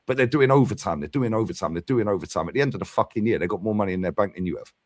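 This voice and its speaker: Forties bloke, fan-channel host, blunt and unfiltered, lowish voice. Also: male voice, racing, darkish tone, no echo, clean studio sound. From London. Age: 40s. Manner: blunt and sweary, keeps tagging "yeah?". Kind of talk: casual football podcast chat.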